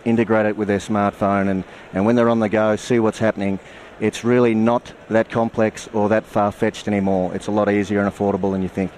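A man's voice: on the low side, darkish tone, a little hiss or hum. An Australian man being interviewed on a radio show, explaining things plainly, with many fillers and restarts. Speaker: guest, security company marketing manager.

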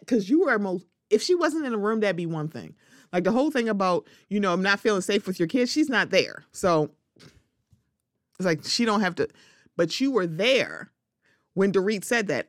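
A woman's voice: mid-range voice, lively intonation, measured pace, dry recording, clean studio sound. A woman hosting a solo podcast, giving opinionated, sassy commentary and talking back to absent people in mock quotes. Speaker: podcast host.

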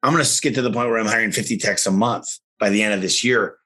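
Male company owner, low-ish voice, enthusiastic storyteller, casual interview. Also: bright, forceful tone. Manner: enthusiastic storyteller, quick asides. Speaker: guest, garage door company owner.

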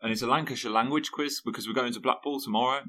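Chatty podcast host, bright voice. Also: male voice, mid-range voice, fast. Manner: chatty and playful, quizzing his co-host. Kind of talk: casual chat.

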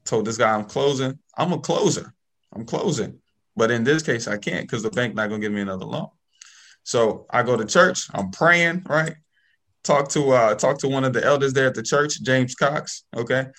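A man tells his story in a casual, animated way as an interview guest. He keeps checking in with his listener as he goes, and his voice sits at a middle pitch. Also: moderate pace. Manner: animated, checks in with "okay?" and "right?". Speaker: guest, real estate investor.

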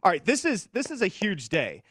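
A man hosting a sports betting talk show, upbeat, bantering quickly with his co-hosts. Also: high-pitched, huge pitch swings, a bit bright, no echo, studio quality.

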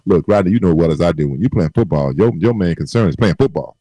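A deep, mellow man on a close, dry studio mic. He argues emphatically about football and replays conversations to make his point. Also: lively intonation, quick pace, breathy edge, no echo. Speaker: football analyst. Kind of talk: radio sports chat.

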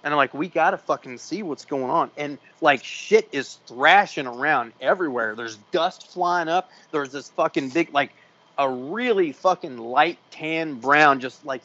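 Profane, animated male storyteller. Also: on the high side, unhurried, dull audio. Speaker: podcast co-host. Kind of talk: casual storytelling.

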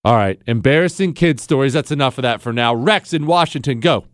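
A man in his forties hosting a call-in radio talk show, emphatic and animated, dropping from loud to low. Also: brisk, no echo, clean studio sound.

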